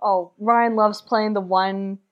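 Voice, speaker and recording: A woman's voice: medium pitch, steady tone, slow pace, lo-fi sound. Woman chatting casually, laid back, short wry replies. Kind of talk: casual chat.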